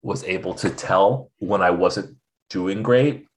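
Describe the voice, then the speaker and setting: A man's voice: low-pitched, slow. A young man as a podcast guest, talking candidly and acting out the voices of people he quotes. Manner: animated, acts out quoted voices. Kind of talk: candid conversational storytelling.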